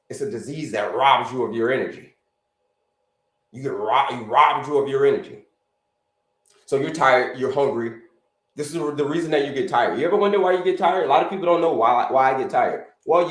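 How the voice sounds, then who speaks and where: Animated man hosting a live health talk. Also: medium pitch, roomy sound, poor audio. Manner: repetitive, addresses listeners as folks, asks them to put answers in the chat. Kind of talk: casual live-stream talk.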